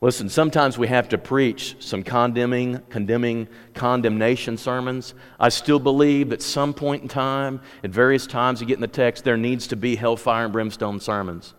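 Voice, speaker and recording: A man's voice: medium pitch, fairly even intonation, normal speed, hardly any pauses, smooth. A man preaching a sermon, conversational at times and rising to impassioned exhortation. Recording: long hall reverb.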